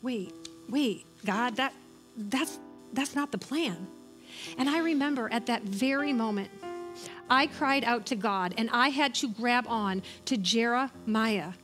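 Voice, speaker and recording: A woman's voice: a little high, a little slow, fairly bright tone, soft background music, rough recording. A middle-aged woman giving a sermon, telling a story in an earnest, encouraging way. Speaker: church speaker.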